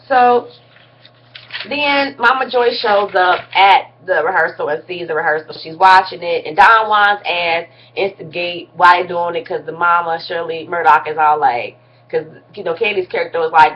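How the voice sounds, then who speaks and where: A woman's voice: fairly low pitch, normal speed, highs cut off. A woman vlogger giving a casual, blunt and slangy recap of a reality TV episode, with some mild cursing.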